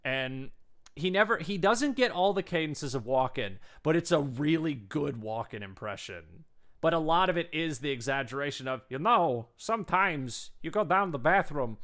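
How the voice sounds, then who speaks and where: A man's voice: a little high, lively intonation, moderate pace, fairly bright tone. A man hosting a podcast, chatting casually and telling stories in an easygoing way. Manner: easygoing storyteller, chuckles between points. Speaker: podcast host.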